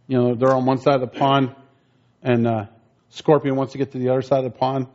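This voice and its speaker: A man delivers a conversational sermon in a medium, level voice with a slightly dark tone, talking a little fast. He tells folksy stories and builds emphasis on his key points. The recording is lo-fi with slight background noise.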